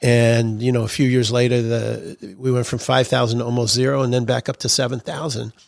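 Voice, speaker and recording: Gravelly man telling stories. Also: medium pitch, level tone, brisk, no room sound, studio quality. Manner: anecdotal, chuckles through stories. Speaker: podcast guest. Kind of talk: storytelling interview.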